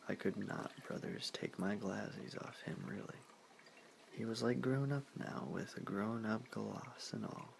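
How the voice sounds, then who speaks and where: A man reads aloud in a whispered ASMR style. His whisper sits low and crackles with heavy fry, and the delivery stays soft and slow. A faint hiss runs under the recording. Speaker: reader.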